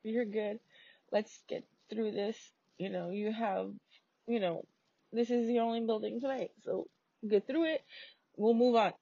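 Slow, gravelly woman on a lo-fi recording. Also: fairly high pitch, fairly even intonation, mellow, dry recording. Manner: swears casually, with many fillers. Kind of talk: casual personal story telling. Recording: dull lo-fi recording.

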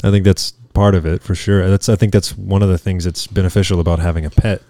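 Guy, deep voice, earnest on a podcast, teases his buddies. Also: flat delivery, fast talker, dark tone. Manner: earnest, teasing. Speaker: podcast co-host. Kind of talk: casual discussion.

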